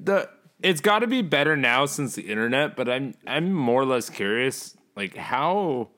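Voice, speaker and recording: A man's voice: medium pitch, very animated, moderate pace, sharp tone. A young Canadian man co-hosting a podcast, telling stories in a laughing, profane, casual way. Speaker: podcast co-host. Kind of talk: casual chat.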